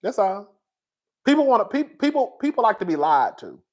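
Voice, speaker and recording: A man talking casually to his viewers as a pop culture commentator, in slangy, animated speech and often laughing as he riffs. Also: sits high, moderate pace.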